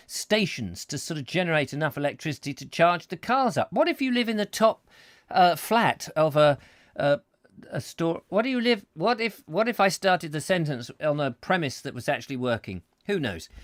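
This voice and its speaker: Middle-aged host, bright and bouncy, ranty comic chat, dry close mic. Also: male voice, on the high side, no echo. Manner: rambling, playful, self-mocking, breaks into silly voices. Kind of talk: comic live chat show, reading viewer comments.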